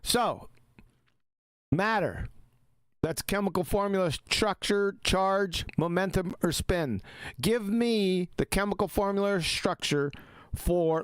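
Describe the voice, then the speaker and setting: A man's voice: high voice, takes it slowly, clear, resonant tone, dry recording. A man hosting a live stream, reacting to a debate clip in a mocking, combative and profane way.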